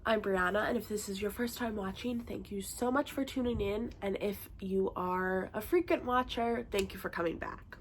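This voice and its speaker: A woman's voice: medium pitch, moderate pace, few pauses, a little hiss or hum. A young woman talks through a casual vlog from her bedroom, her voice stuffy and nasal from a bad cold. She rambles in a chatty way, dropping fillers as she goes. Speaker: vlogger. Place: bedroom at home.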